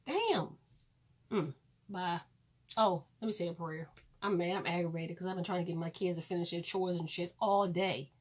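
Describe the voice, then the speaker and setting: A woman's voice: on the low side, moderate pace. A woman ranting on her vlog, blunt and preachy, swearing freely and repeating lines for emphasis. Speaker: vlogger.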